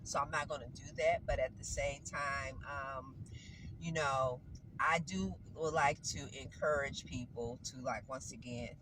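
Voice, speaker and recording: Out doing errands with a cold, a woman vlogger speaks in a bass voice with fairly even intonation, a little slowly. Her stuffy-nosed chat to viewers is rambling and self-correcting, set against loud vehicle noise.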